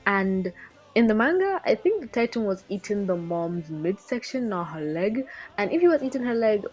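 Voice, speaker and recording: A woman giving a casual anime episode review in an animated, rambling way, swearing freely. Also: medium pitch, normal speed, husky. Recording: dull lo-fi recording with faint background music.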